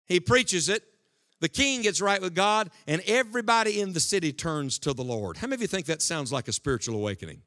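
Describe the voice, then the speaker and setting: A man preaching a sermon to a congregation, swinging between loud, forceful lines and hushed ones. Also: sits high, lively intonation, a little fast. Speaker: evangelist. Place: church hall before a congregation.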